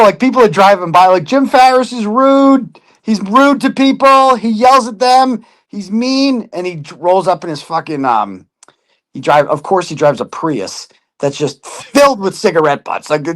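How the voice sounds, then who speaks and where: A man in casual chat, telling a story with lots of swearing and putting on other people's voices. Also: fairly high pitch. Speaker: podcast guest.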